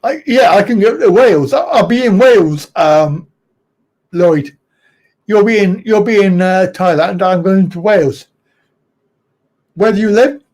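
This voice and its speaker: A man's voice: high-pitched, measured pace, pauses often, a little mellow. A middle-aged man hosting a casual live chat, talking bluntly and ramblingly, and chuckling often at his own remarks. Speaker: livestream host.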